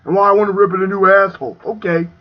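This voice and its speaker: High-voiced man on an angry rant. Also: level tone, rapid-fire. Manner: profane, ranting, swings between shouting and muttering. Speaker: video reviewer. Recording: dull lo-fi home recording.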